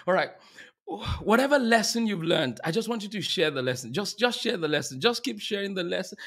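A man's voice: sits high, lively intonation, fairly quick, a bit bright. A male conference host, emotional, exclaiming and laughing as he speaks to his online audience. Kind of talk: live-stream hosting.

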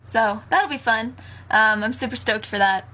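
A woman's voice: a little high, normal speed, bright, forceful tone. Tired woman vlogging from her bedroom. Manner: rambling, lots of "like" and "um" fillers. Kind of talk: casual chat to camera.

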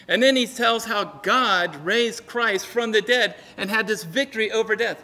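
A man preaches a sermon from the pulpit, his voice high and bright. He jokes and acts out little dialogues, swinging his pitch widely. The sound carries a long reverb from the church hall. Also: moderate pace, hardly any pauses. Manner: lively, jokey preaching with acted-out dialogue. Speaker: pastor. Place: church sanctuary.

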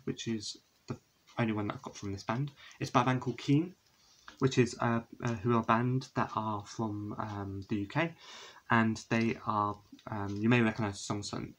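A man's voice: on the low side, rough recording. A young man chatting casually at home as he shows his CD collection, rambling with many fillers and self-corrections. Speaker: vlogger. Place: indoors, a room at home with a window.

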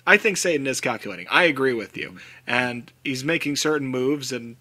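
A man hosting a podcast in casual chat, animated and slipping into mock-dramatic quoted voices. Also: mid-range voice, fairly quick. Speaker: podcast host.

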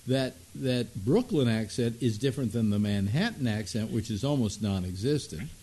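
A man hosting a casual talk show, speaking haltingly with many restarts and posing provocative questions. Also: mid-range voice, warm tone, breathy edge. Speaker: host.

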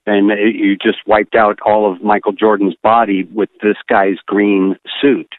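A man's voice: fairly low pitch, unhurried, dry recording. An older man, an animator, telling a candid story bluntly and acting out what others said. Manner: blunt, animated, acts out quotes. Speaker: animator guest. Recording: tinny phone-like line.

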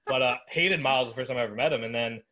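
A man's voice: mid-range voice, racing, sharp tone. Easygoing male podcast host. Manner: friendly, easygoing storytelling. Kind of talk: casual chat.

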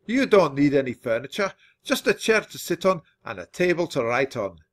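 A man voicing a bossy, boastful old male mouse who founded a newspaper, talking loud and blustering. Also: on the high side, sing-song, moderate pace. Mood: smug. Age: older.

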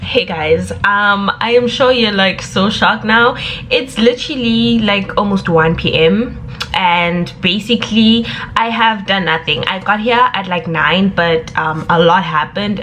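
Young woman vlogger, slightly low voice, chatty and filler-heavy. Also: fairly bright tone, slight background noise. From South Africa. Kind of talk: casual chat to camera. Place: university residence room.

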